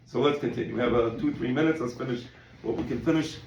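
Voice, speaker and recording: Gravelly-voiced male rabbi teaching in an echoey room. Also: mid-range voice, fast talker, slight background noise. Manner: conversational, repeats words, quotes in animated voices. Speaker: rabbi teaching a Talmud class. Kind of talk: casual Talmud lesson.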